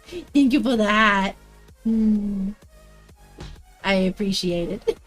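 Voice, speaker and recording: A woman's voice: mid-range voice, expressive, very slow, pauses often, faint music behind. A woman livestreaming while she crafts, chatting to viewers in a bubbly, playful way and often singing or laughing. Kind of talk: casual live-stream chat while crafting.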